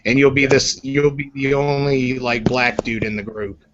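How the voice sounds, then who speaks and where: A man's voice: medium pitch, level tone, moderate pace. Male host, loose and rambly, muffled online mic with faint hiss. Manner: rambling, joking, many fillers. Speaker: podcast host. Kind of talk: casual group chat.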